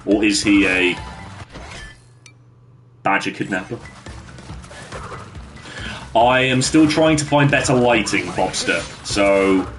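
Slow-talking man streaming a game. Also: lowish voice, fairly bright tone. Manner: chatty, laughs often, banters with chat. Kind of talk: casual livestream chat while playing. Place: bedroom.

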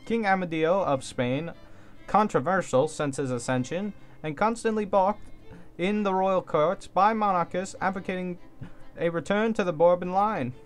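A man's voice: high voice, moderate pace, soft background music, pitched above the performer's own voice, natural voice. A man putting on the voice of a grandiose old-timey newspaper announcer, declaiming a story. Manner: theatrical, declaiming.

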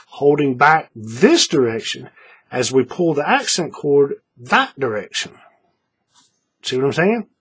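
Medium-pitched, slightly bright, and husky, a man's voice narrates a folksy hands-on tutorial on making a paracord bracelet. As the craft instructor, he goes step by step, repeating each move and checking in with viewers.

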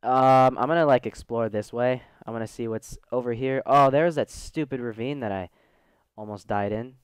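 A man's voice: medium pitch, moderate pace, smooth, no room sound, studio quality. A man with a Southern US accent giving chatty, goofy let's play commentary, talking straight to his viewers. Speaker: gaming channel host.

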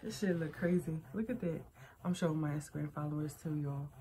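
A woman's voice: low voice, brisk, mellow. A young woman, chatting frankly to camera as a vlogger and calling her viewers y'all. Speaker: vlogger reviewing adult toys. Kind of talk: casual chat to camera.

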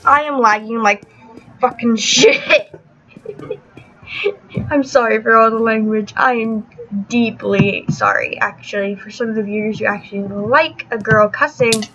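A woman's voice: fairly high pitch, measured pace, a bit bright, muffled recording. A young woman hosting a gaming channel, giving live gameplay commentary, often frustrated, swearing, and laughing at herself.

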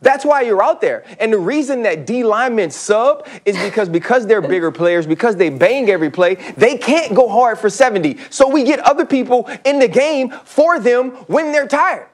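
A man's voice: extremely high pitch, lively intonation, moderate pace, few pauses. A man talking as a studio sports analyst, emphatic and joking, with preachy bursts. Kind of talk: animated studio sports talk.

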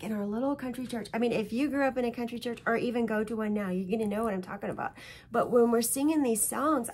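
Slight background noise sits behind this woman's fairly high-pitched voice. She's a flosstube host presenting her stitching work at home, talking in a chatty, rambling, emotional show-and-tell manner.

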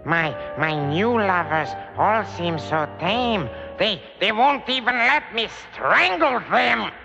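Creepy comic crooner, a murderer lovingly singing; high, slow, with band music behind. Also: male voice, expressive, dull audio, full character voice. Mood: creepy crooning. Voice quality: creaky, wheezy, sly impression voice. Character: creepy crooning male strangler, soft menacing accent. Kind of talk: comic novelty song. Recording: old record with band music.

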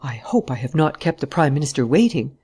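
A reader voicing a jaunty gentleman thief. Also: medium pitch, expressive, normal speed, natural voice. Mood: jaunty mocking. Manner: mocking, ceremonious, grandly polite. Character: jaunty gentleman thief, adult man, supremely confident. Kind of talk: audiobook character voice.

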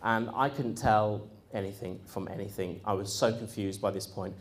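A man with a lowish voice and normal speed recounts his own experiences to a live audience in animated anecdotes. He's conversational and full of ums and uhs, often breaking into laughter and mimicking the people he quotes.

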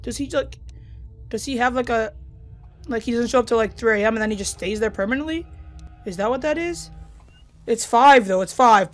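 A young woman giving dramatic, panicky commentary while playing a horror game and talking to her viewers. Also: fairly high pitch. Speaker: gaming YouTuber.

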